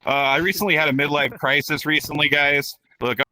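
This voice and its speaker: A man in his thirties from Texas, hosting a stand-up comedy show with a crude, rowdy manner, working the crowd and squeaking out voices for others. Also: steady tone, brisk, pushed and bright, slight background noise. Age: 30s. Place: virtual reality comedy club with live audience.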